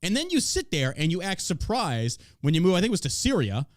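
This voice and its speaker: A man from the United States hosting a podcast, ranting in a crude, mocking, animated way about politics. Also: high-pitched, fairly quick, dry recording, studio quality. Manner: animated, crude, mocking, puts on silly voices for others. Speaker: podcast host. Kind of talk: profane political podcast rant.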